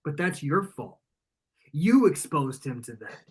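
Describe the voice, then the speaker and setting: A man, a wrestling guest, delivering a cocky, taunting promo that sinks into low menace. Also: sing-song, unhurried.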